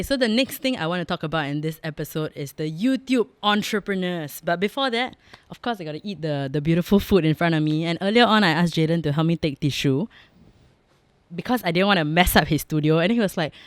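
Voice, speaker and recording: Singaporean woman, podcast host, frank joking chat, smooth clean tone, dry close studio mic. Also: lowish voice, expressive, a little fast, dry recording. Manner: frank, joking, laughs often, drops in local particles. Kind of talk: casual chatty monologue.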